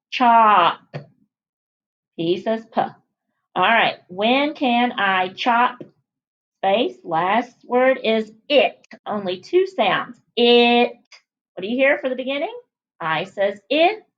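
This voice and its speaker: A woman teacher leading a phonics lesson for young children, cheerfully sounding out letters and words slowly. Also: fairly high pitch, fairly bright tone, muffled recording. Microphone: recorded at a whiteboard.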